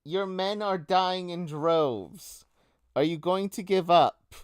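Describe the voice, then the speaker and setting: A cold, unyielding woman commander played by a man taunts her foe in slow, drawn-out phrases, lifted high above his usual pitch. Her voice swells loud as she declaims. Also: clean tone, no echo, studio quality. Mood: defiant. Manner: slow, declaiming, rising to shouts.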